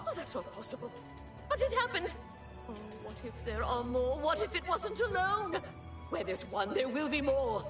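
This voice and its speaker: A fretful, high-pitched woman who dotes on her pet rats. Her voice swings widely as she pleads in a melodramatic, anxious way. The game audio sounds roomy and a bit distant, with music behind it. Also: very animated, moderate pace. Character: fretful middle-aged woman fussing over pet rats.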